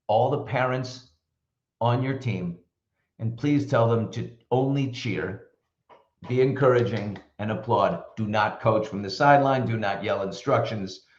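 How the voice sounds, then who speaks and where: A man's voice: fairly low pitch, unhurried, lo-fi sound. Chatty man telling stories, echoey room. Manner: chatty storyteller, animated and opinionated. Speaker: host. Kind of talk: casual live show chat. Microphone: computer mic.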